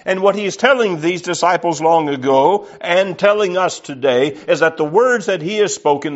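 Earnest gravelly preacher. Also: male voice, fairly high pitch. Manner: earnest, emphatic preaching with scripture reading. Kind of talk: sermon. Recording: slightly dull lo-fi recording.

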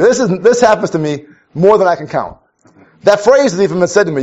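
A Minnesota man with a high, lively voice talks fast and sounds a little mellow. He preaches a conversational sermon, wryly telling stories and often restarting his sentences. The recording is dull and lo-fi.

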